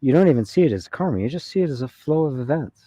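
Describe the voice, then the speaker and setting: Here the spiritual teacher speaks fast, with a medium pitch and lively intonation, keeping his satsang talk conversational with repeated "right?" checks and soft laughter. No room sound is audible.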